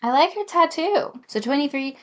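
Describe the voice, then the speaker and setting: A woman's voice: high-pitched, expressive, normal speed. A woman reading a dating game aloud and commenting in a chatty, self-deprecating, giggly way. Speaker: gaming YouTuber.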